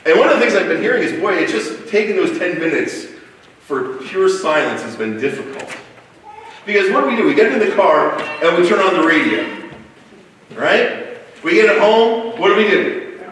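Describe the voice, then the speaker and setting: A man preaching a sermon as pastor, telling stories in a lively way with stumbling restarts, recorded from a distance in a church. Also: sits high, moderate pace, a little hiss or hum. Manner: animated and storytelling, with stumbling restarts. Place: church sanctuary. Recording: echoey church hall picked up from far off.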